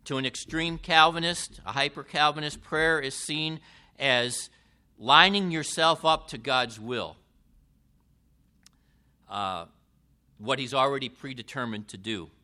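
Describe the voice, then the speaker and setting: A man preaching a sermon in a deliberate way, with emphatic rises and falls. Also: mid-range voice, pushed and bright.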